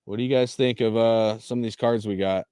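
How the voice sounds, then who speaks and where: A man's voice: mid-range voice, fairly even intonation, fairly quick, clean tone, no room sound, clean studio sound. A young man chatting casually on a live stream while opening football cards, swearing and laughing often. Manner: laughing, swearing, loud exaggerated dismay.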